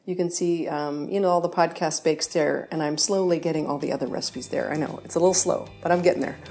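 Woman, lowish voice, casual home-kitchen baking host, rambling and self-correcting. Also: fairly even intonation, fast talker, vocal fry, dark tone.

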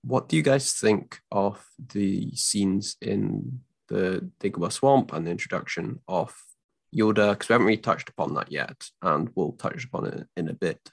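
A man co-hosting a podcast, asking his co-hosts a halting, rambling question about a film. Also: lowish voice, creaky, husky, no echo. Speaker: podcast co-host. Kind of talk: casual film discussion.

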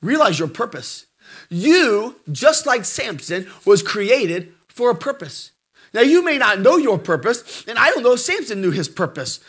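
High-voiced, animated male preacher. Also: a little slow, slightly rough. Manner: fiery, dramatic, acts out voices. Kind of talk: sermon.

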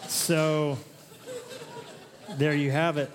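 A man's voice: a little high, level tone, extremely slow, a crowd in the background, noisy background. A male pastor preaching a sermon, chatty and joking at times, then building to emphatic, rising exhortations. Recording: long reverb of a large hall.

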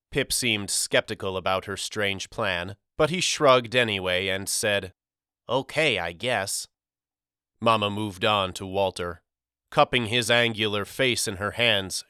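A man reading a novel aloud as an audiobook, measured and expressive. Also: fairly low pitch, smooth, dry recording, studio quality. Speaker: audiobook narrator. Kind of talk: scripted audiobook narration.

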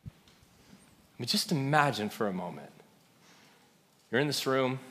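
A man's voice: mid-range voice, lively intonation, unhurried, sharp tone, big-room sound. A man giving a sermon as a pastor, telling a story in a conversational way and asking the crowd questions.

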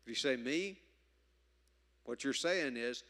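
A man preaching a sermon, emphatic, moving from loud stresses to quiet asides. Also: mid-range voice, slow, pauses often. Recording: reverberant hall.

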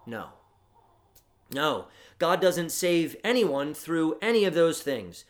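A man preaching a Good Friday sermon, stressing his points emphatically and swinging between loud declarations and quiet reading. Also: fairly high pitch, big pitch swings, slow pace. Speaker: pastor.

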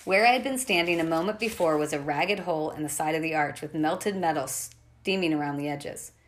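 A woman's voice: deep voice, brisk, a little hiss or hum. A woman reading a novel aloud, telling a first-person adventure story with expression. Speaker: audiobook narrator.

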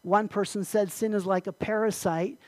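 A man preaching an earnest sermon as pastor, repeating key phrases and sometimes clearing his throat. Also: high-pitched, steady tone, moderate pace, no echo, low-quality recording.

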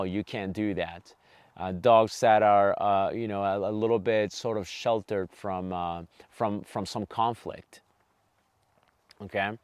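A man with a fairly low voice talks through his dog training approach on his own podcast. He speaks emphatically and drives each point home with "okay?" and "right?". Now and then he acts out short back-and-forth exchanges with a dog. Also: no echo. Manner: acts out little quoted exchanges with dogs. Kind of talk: solo podcast monologue.

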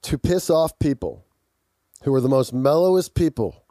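A man in relaxed podcast banter whose voice swings up and down a lot. He talks with an intense, pushy edge when he cares about something and breaks into laughs easily. The sound is close and dry. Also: medium pitch, no room sound. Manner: intense, aggressive way of talking when passionate; animated, quick to laugh. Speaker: podcast co-host. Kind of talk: casual chat.

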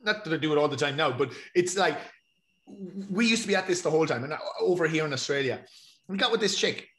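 A man's voice: on the high side, lively intonation, quick pace, a bit bright. Swearing Irish man, roomy echo. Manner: swears freely, rambling storyteller. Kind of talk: casual chat. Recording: echoey room.

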